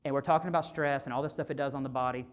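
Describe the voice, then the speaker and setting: Man, physician, motivational conference speaker, conversational, animated storytelling, rhetorical questions. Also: mid-range voice, very fast, smooth. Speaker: physician and speaker at a health summit.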